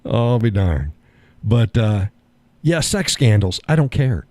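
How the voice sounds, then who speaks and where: Older male stream host, folksy and wry, mellow tone, dead-dry close sound. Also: fairly low pitch, very animated, takes it slowly, no room sound. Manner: folksy, sardonic, chuckling often. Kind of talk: casual political chat.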